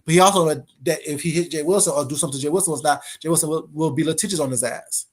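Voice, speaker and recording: A man's voice: fairly high pitch, racing. A man giving a brash, confrontational casual monologue as an online commentator.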